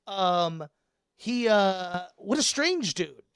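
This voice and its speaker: A young man co-hosting a casual podcast chat, excitable and loud, laughing often. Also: high-pitched, very slow, clean tone, no echo, clean studio sound. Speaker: podcast co-host.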